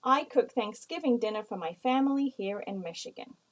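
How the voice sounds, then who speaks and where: Female writing teacher, a touch high-voiced, patient and explanatory delivery. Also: lively intonation, low-quality recording. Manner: slow, explanatory, reads example sentences aloud. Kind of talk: recorded writing lesson.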